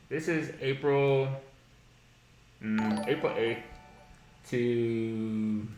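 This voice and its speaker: Blunt, profane man in an echoey room. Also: fairly low pitch. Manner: blunt, profane and mocking, with bursts of laughter. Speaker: market analysis streamer. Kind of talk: live-stream trading lesson.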